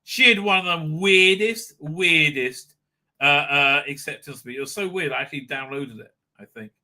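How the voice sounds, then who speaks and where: A man hosting a live-stream commentary, talking casually with a lot of profanity and mockery, and breaking into sudden shouts. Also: fairly high pitch, normal speed. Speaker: livestream commentary host.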